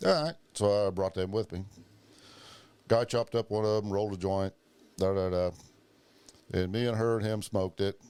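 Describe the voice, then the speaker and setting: A man's voice: lowish voice, normal speed, pauses often, a little mellow, clean tone, dry recording. A man hosting a podcast, telling profane stories in casual chat and acting out the voices of the people he quotes. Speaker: podcast host.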